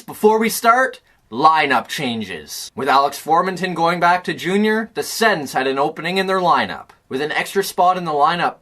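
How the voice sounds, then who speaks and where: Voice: mid-range voice, pushed and bright. A hockey fan giving a sarcastic, exasperated rant in a sports game review.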